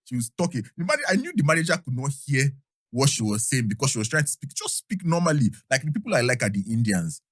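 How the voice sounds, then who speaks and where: Animated Nigerian man, dry close sound. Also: medium pitch, fast talker, dry recording. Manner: animated, laughing, asks "you understand?". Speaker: podcast guest. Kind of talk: casual chat.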